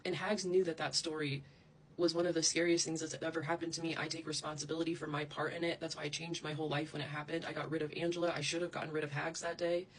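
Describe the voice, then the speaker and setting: A woman's voice: low-pitched, little pitch movement, fast talker, a little hiss or hum, poor audio. A woman ranting angrily straight to camera, heated and profane, wandering off into asides. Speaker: social media creator. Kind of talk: angry direct-to-camera rant.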